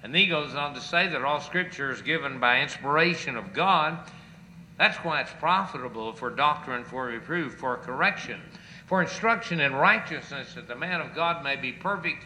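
Bright, emphatic preacher man. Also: mid-range voice, a little hiss or hum, low-quality recording. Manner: emphatic preaching with rising rhetorical questions; quotes scripture with chapter and verse. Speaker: pastor. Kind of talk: sermon.

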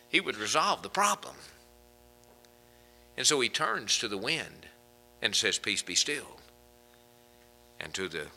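Man, pastor, sermon, conversational, chuckling, sharp bright tone, lively pitch. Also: rough recording. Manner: folksy and conversational, chuckling between points.

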